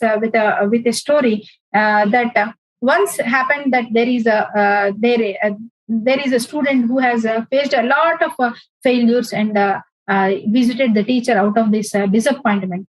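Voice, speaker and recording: Halting woman teaching. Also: on the high side, dry recording, low-quality recording. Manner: halting, many fillers and restarts. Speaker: instructor. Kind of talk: informal career lecture.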